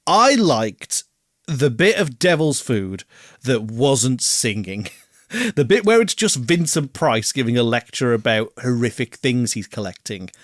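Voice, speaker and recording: A man, co-hosting a casual album review podcast, animated, swearing freely and laughing often. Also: mid-range voice, measured pace, no echo, studio quality. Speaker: podcast co-host.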